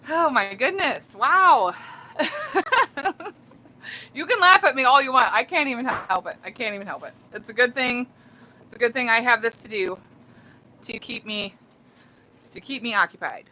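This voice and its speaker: Giddy, bright-voiced woman streamer. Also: a little high, lively intonation, normal speed, pauses often, low-quality recording. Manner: giddy, laughing, reads comments aloud. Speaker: vlogger reading live chat. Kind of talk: casual livestream chat. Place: home.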